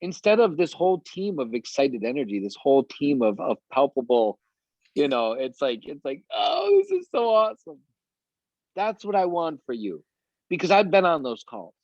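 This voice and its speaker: A man's voice: mid-range voice, sing-song, normal speed, a little mellow, no echo, lo-fi sound. A man coaching a sales team on a video call, talking eagerly and rambling with lots of fillers.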